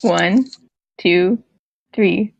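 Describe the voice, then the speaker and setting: A woman's voice: on the low side, extremely slow, creaky, muffled recording. A woman co-hosting a casual chat, playful and teasing. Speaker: radio show co-host.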